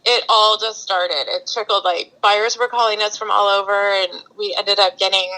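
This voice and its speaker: A middle-aged woman from California, a brand founder chatting in an interview, lively and quick to laugh as she tells her stories. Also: mid-range voice, poor audio. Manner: bubbly, chatty storyteller, laughs often. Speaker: guest, skincare brand founder. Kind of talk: casual interview chat.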